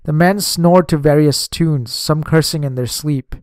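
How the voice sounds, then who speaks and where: A man narrating a memoir in a measured, steady audiobook reading on a close microphone. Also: a little high, smooth, dry recording.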